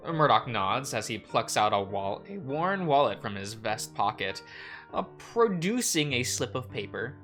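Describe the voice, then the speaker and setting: A man's voice: mid-range voice, big pitch swings, unhurried, fairly bright tone, soft background music. A man hosting a game playthrough, reading the narration aloud and joking with a co-player. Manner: laughs often, joking. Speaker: let's play host. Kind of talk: reading a visual novel aloud with chat.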